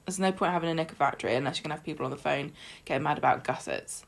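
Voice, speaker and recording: A woman's voice: low-pitched, rapid-fire, vocal fry. A woman co-hosting a podcast, chatting casually as she recaps a soap episode and acts out the characters' lines. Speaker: podcast co-host.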